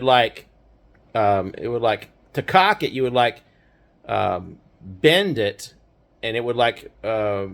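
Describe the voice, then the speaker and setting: A man's voice: mid-range voice, a bit bright. An older man telling a childhood memory in a loose, rambling way, often checking in with "right?" and laughing wryly at the grim parts. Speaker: grandfather storyteller. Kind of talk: casual personal storytelling.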